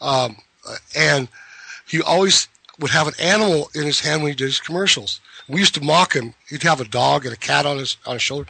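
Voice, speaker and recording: A man's voice: a little high, moderate pace, vocal fry, sharp tone, breathy edge, no room sound, low-quality recording. A man hosting a casual talk radio show, telling rambling stories and laughing often.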